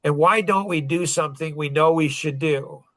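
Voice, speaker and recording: A man's voice: on the high side, normal speed, a bit bright, no room sound. A man in his forties, a self-improvement speaker, telling a personal story in an earnest, rambling way with many restarts.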